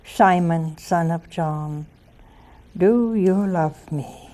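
A woman voicing Jesus as a gentle, solemn man, speaking slowly and tenderly as she retells a scripture scene. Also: fairly high pitch.

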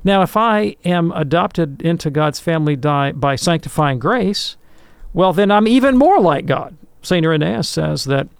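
Brief: male radio theologian, gravelly, dry close mic, patient teaching tone. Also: fairly high pitch, animated, no room sound. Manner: earnest, explanatory, slows down to stress points. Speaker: theologian answering listener questions. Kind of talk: radio call-in talk.

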